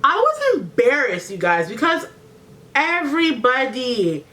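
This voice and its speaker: A woman's voice: high voice, wildly swooping pitch, measured pace, a bit bright. A woman vlogger telling a painful personal story to her viewers, chatty, full of fillers and close to tears. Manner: chatty, fills with "like", speaks to viewers as "you guys". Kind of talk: emotional get-ready-with-me storytelling.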